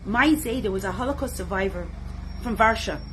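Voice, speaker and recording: A woman teaching a religious class with deep feeling, who swings from loud exclamations to hushed tones and speaks directly to her listeners as her friends. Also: fairly quick, a little hiss or hum. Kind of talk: impassioned religious class talk.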